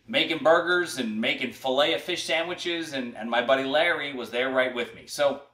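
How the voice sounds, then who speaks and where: A man in mid pitch talks casually as host, rambling along and restarting his sentences. His voice rings in a roomy, echoey space. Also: moderate pace, pushed and bright. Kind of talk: casual chat.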